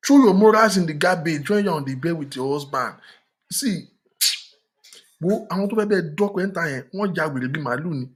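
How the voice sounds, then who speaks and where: A man's voice: on the high side, expressive, brisk. A middle-aged man, hosting a frank relationship talk with an emphatic, preachy manner and bits of Yoruba. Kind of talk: frank relationship advice monologue.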